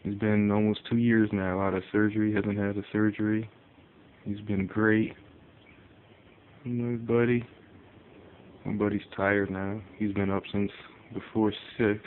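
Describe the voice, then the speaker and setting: This pet owner from Connecticut talks in a fairly low, monotone voice at normal speed, chatting loosely about his animal for a phone-recorded vlog and filling it with ums and uhs. There's slight background noise, and the sound is tinny with a faint ambient hum of the room.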